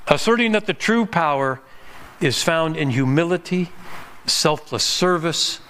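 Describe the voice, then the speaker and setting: A male pastor delivering a sermon in a slightly higher-than-average voice. He talks emphatically, climbing in pitch on key points and at times repeating words as he restarts. Faint ambient noise hums behind him. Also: animated, a little slow, a bit bright.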